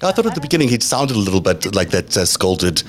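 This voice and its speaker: Fast-talking male panel host. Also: lowish voice, big pitch swings, soft background music. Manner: rambling, with fillers and restarts. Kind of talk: political panel discussion.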